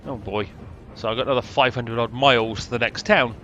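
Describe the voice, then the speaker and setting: A man's voice: mid-range voice, fairly even intonation, brisk, sharp tone, dull audio, a little hiss or hum. A British man giving casual, rambling commentary over a train management game, with a dry, sarcastic manner. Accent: British English. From Britain. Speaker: gameplay commentator.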